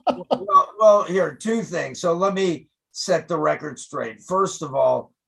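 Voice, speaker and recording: An older man, a rock photographer, telling stories in an interview, animated and profane, loudly acting out what he said to musicians. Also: on the high side, slow, creaky, husky, low-quality recording. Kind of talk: casual storytelling interview.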